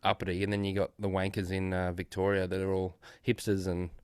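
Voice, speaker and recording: Aussie co-host, laconic teaser, smooth and low. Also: male voice, completely flat delivery, fairly quick, no room sound. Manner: dry, laconic, teasing. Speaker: podcast co-host. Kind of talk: casual banter.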